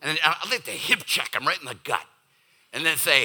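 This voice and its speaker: A middle-aged man from the Boston area preaches in a loose, joking way, slipping into the voices of his listeners as he talks. His voice sits fairly high, swings widely in pitch and has a very bright, forceful edge. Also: brisk, slightly rough. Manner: animated and jokey, acts out listeners' voices. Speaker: pastor. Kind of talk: conversational sermon.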